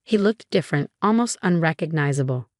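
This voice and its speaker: A young adult woman narrating a dramatic first-person story in a steady, scripted way. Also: sits low, fairly quick, no room sound, clean studio sound.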